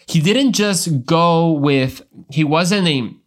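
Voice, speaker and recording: A young man with a slightly higher-than-average voice gives an earnest devotional talk on his podcast. He presses his points with emphasis, often restarting a phrase and repeating a word before he finds the rest. It sounds like an informal sermon, not a reading from a script. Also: slow. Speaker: podcast host.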